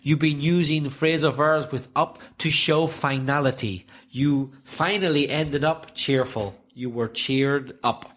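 A man co-hosting an English teaching podcast, cracking jokes and giving quick example sentences. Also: on the high side, steady tone, a bit bright. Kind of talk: casual teaching podcast chat.

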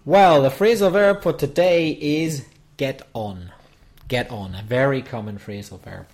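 A man's voice: medium pitch, measured pace, a little mellow. A man co-hosting an English lesson podcast, patiently explaining meanings step by step. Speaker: co-host teaching English.

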